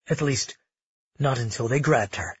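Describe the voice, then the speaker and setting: Husky male audiobook narrator. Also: mid-range voice, unhurried, dry recording, muffled recording. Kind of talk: scripted fantasy narration.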